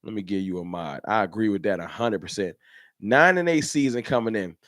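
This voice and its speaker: A man's voice: lowish voice, lively intonation, a little fast, fairly bright tone, no echo, clean studio sound. A man hosting a fan channel livestream, ranting in an emphatic, repetitive, slangy way. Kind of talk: livestream rant.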